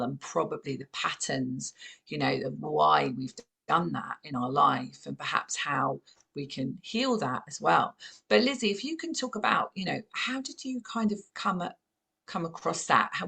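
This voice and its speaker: A podcast host with a Southern English accent, her voice low, gravelly and husky. She talks in an animated, encouraging way, chiming in often with affirming words. The tone is conversational and warm in pace, relaxed chat. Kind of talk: conversational interview.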